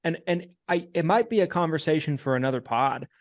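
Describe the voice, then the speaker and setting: A man hosting a casual podcast, talking in a measured way, repeating himself and laying out points one by one. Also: a little high, animated, dry recording, studio quality. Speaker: podcast host and insurance agent.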